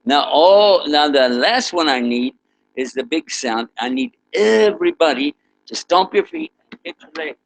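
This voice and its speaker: Animated man leading a story lesson. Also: fairly high pitch, unhurried, creaky, slight background noise, rough recording. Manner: animated, leads the audience in sound effects; asks the audience questions. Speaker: Islamic preacher teaching students.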